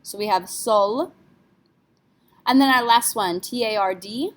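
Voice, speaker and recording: A woman's voice: mid-range voice, brisk. A woman teaching French pronunciation in a patient lesson, spelling words out letter by letter. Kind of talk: classroom lesson explanation.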